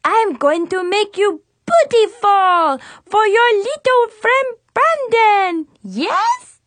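Lady doing a tiny bossy girl with a terrible fake french accent, sky-high squeaky voice, super theatrical. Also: lively intonation, slow, fairly bright tone, dry recording, heavily acted. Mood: grand, coaxing. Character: bossy six-year-old girl playing posh salon stylist.

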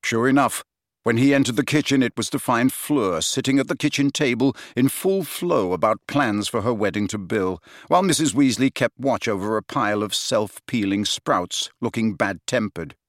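A man reading a novel aloud as narrator, with expressive delivery. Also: medium pitch, normal speed, no echo, studio quality. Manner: expressive reading, many character voices. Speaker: audiobook narrator. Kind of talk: scripted narration.

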